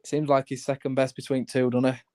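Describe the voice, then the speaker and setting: A man's voice: medium pitch, completely flat delivery, brisk, a little mellow, no echo, studio quality. A man from Leeds with a Yorkshire accent, calling in to a fan phone-in with friendly, chatty talk. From Leeds, England. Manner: chatty and friendly, calls the host mate. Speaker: caller. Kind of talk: casual phone-in chat.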